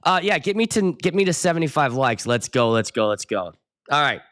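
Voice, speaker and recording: A man from the Pittsburgh area who works as a wedding DJ, hosting a casual live stream and rambling excitably from topic to topic. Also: on the high side, a little fast. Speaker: wedding DJ and show host.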